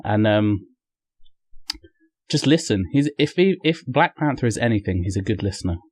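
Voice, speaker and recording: Dude joking around on a podcast, swears a lot, super dry mic sound. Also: male voice, fairly low pitch, expressive, moderate pace, darkish tone, no echo. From Canada. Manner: joking, crude, swears freely. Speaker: podcast guest. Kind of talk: casual chat.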